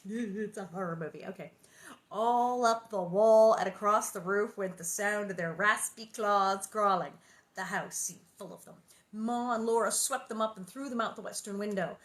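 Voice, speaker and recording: A woman's voice: mid-range voice, moderate pace. A woman reading a children's book aloud, breaking off for squeamish, jokey asides. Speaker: reader.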